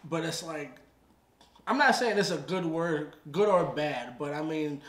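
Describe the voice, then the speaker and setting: Easygoing man thinking aloud, slightly high voice. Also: expressive, unhurried, fairly bright tone. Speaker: reaction show co-host. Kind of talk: casual reaction chat. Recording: roomy echo.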